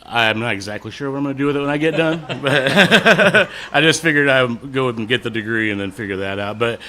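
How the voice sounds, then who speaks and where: A man's voice: mid-range voice, lively intonation, a little fast, bright, forceful tone. A man in his forties, a musician guest, chatting casually with many fillers and frequent laughs. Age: 40s. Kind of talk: casual interview chat.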